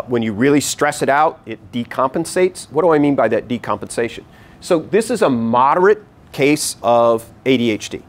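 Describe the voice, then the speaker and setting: A man giving a live teaching talk to an audience in a meeting room, animated and repeating his key points. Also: mid-range voice. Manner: animated, acts out voices to demonstrate. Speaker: workshop presenter.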